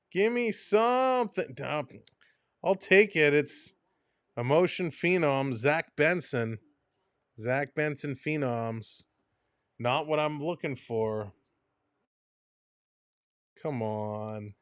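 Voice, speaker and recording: Exasperated man, smooth dry voice. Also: mid-range voice, fairly bright tone, no room sound. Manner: frustrated, exasperated, talks to himself and chat. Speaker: live stream host. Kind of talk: casual live-stream chat.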